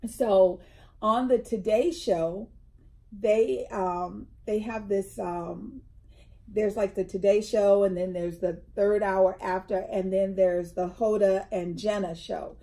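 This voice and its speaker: Slow and mid-range in voice, a middle-aged co-host tells stories during a casual indoor chat around a tea table. She brings them to life animatedly, acting out the people she quotes.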